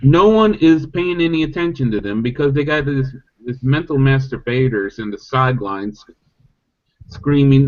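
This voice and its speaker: A man chatting casually on an online podcast, animated and mocking, often restarting sentences. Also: normal speed. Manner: animated, mocks opponents in high squeaky voices. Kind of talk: casual chat. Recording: lo-fi online call audio.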